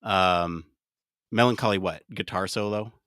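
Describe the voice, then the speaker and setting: A man's voice: low-pitched, unhurried, clear, resonant tone, no room sound, studio quality. A man hosting a live podcast, chatting casually and mumbling to himself while he sets something up. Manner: excitable, loud outbursts, then mumbling while typing prompts. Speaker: podcast host. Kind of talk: casual live-stream chat.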